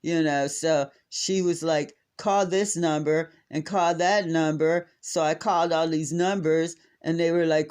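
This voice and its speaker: A man's voice: a little high, unhurried, hardly any pauses, clean tone. Exasperated middle-aged American man storytelling. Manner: exasperated, animated retelling with acted-out quotes. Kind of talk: casual storytelling to camera.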